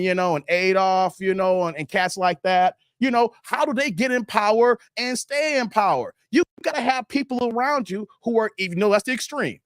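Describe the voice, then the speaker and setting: Animated livestream host joking with viewers. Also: male voice, high-pitched, no room sound, clean studio sound. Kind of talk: casual livestream chat reading comments.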